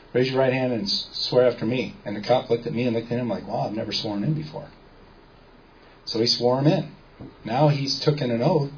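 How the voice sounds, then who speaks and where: A man's voice: medium pitch, darkish tone. A man giving a casual lecture to a small audience, telling stories and quoting people in dialogue while quizzing the listeners. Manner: storytelling, quotes people in dialogue, asks the audience questions. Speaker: seminar speaker. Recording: dull lo-fi recording with faint background noise.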